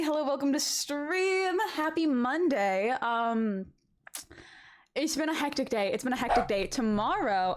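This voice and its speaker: A woman's voice: high-pitched, expressive, a little slow. Bubbly, giggly young woman streamer. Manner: bubbly, giggly, rambling, greets chat often. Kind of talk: casual live-stream chat.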